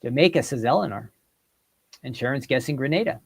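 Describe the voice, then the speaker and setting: Hosting a casual quiz livestream, this man has a mid-range, slightly rough voice that is expressive and brisk. He reads viewers' guesses and comments aloud and teases them in a playful way.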